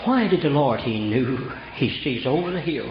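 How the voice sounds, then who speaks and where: A man's voice: mid-range voice, expressive, moderate pace, slight background noise. An older man preaching a folksy storytelling sermon, from Oklahoma, with homespun rural grammar. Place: church. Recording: echoey church room, dull lo-fi sound.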